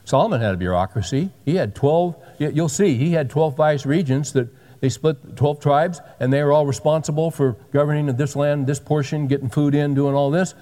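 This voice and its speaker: A man's voice: on the high side, normal speed, dark tone, in a large hall. A pastor in his sixties giving a sermon with folksy, joking asides. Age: 60s.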